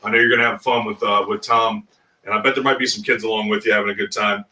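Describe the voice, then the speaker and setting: A man's voice: fairly low pitch, level tone, fast, sharp tone, far from the mic. Chatty man hosting a fundraiser. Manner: chatty, enthusiastic, thanks supporters. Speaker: host of a charity fundraiser. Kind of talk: live-stream fundraiser hosting. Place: fishing shop. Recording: echoey shop, off-mic.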